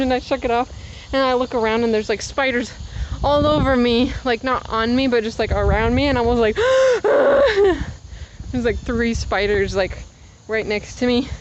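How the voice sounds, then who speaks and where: A woman's voice: a little high, dull audio, slight background noise. A woman in her twenties chatting casually while walking outdoors, rambling through side stories and a little out of breath. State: slightly out of breath from walking uphill. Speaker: vlogger. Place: outdoors on a walk.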